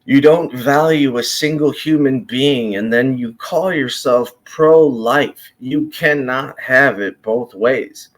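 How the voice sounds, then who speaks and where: A man from Chicago rants in an unscripted monologue, swearing freely and talking with blunt conviction. He speaks slowly and deliberately at a middling pitch. He often trips over his words and restarts his sentences as he pushes his point. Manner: profane, impassioned, blunt. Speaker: commentator.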